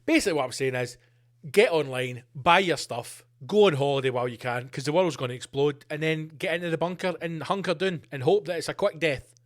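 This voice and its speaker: A man's voice: a little high, brisk. A middle-aged man hosting a solo podcast, ranting in a sweary, sarcastic way. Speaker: podcast host.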